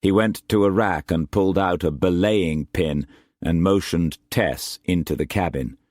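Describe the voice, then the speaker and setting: Male audiobook narrator, slow measured reading, lowish voice, dry close sound. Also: darkish tone, no room sound. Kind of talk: scripted narration.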